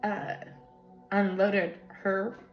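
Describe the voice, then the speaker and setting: A woman with a medium pitch, little pitch movement, and a very slow pace gives a casual spiritual tarot reading recorded on a phone. She rambles on tangents with many fillers. The room is echoey, the sound dull and lo-fi, with faint music.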